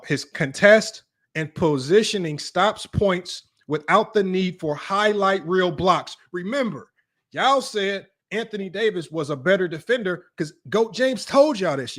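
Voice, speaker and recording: A man with a high voice reads basketball numbers off the screen and keeps breaking off to mock his doubters. His delivery is combative and sarcastic, swinging between plain reading and needling taunts aimed at viewers. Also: fairly bright tone. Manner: combative, mocking, reads data aloud then taunts critics. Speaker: sports debate host. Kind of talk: reading stats and ranting to viewers.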